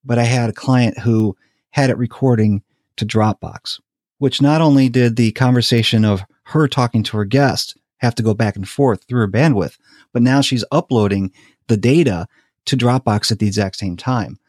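A man with a mid-range voice, chatting in a casual podcast conversation. He tells his stories with animated energy and laughs easily along the way. The sound is dry and close. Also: mid-range voice, normal speed, dry recording. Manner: animated storyteller, laughs often. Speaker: podcast host. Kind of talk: casual chat.

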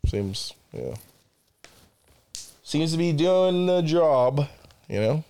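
A man's voice: a little high, expressive, drawn-out words, dark tone, clear, resonant tone. A young man co-hosting a podcast, chatting casually with a crude, joking manner and plenty of swearing. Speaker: podcast co-host. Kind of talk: casual chat.

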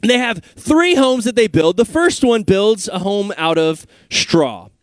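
High-voiced casual preacher man. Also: expressive, unhurried, no echo. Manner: casual, conversational, audience-prompting. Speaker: pastor. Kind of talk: sermon.

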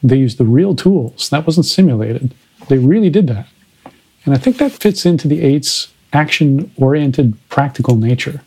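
A man's voice: medium pitch, lively intonation, normal speed, a little mellow, husky, low-quality recording. A man hosting a podcast, analyzing films in a conversational way. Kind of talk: casual film discussion.

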